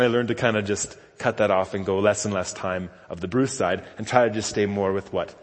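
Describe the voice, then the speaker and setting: Speaking fairly fast in a low-leaning voice, a man preaches a sermon in a conversational style, poking fun at himself as he tells stories. As a pastor in a large hall, his words trail off in long reverb.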